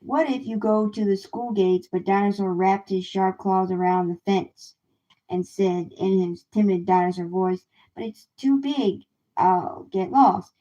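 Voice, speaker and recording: A woman reading a children's picture book aloud in a gentle, unhurried way on a livestream. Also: medium pitch, highs cut off. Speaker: storybook reader. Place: home livestream.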